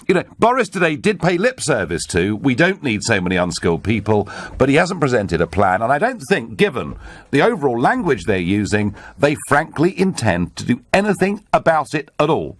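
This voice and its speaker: Emphatic radio host, lively swings. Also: male voice, mid-range voice, no room sound. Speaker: radio talk show host. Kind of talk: talk radio interview and phone-in. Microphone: studio microphone.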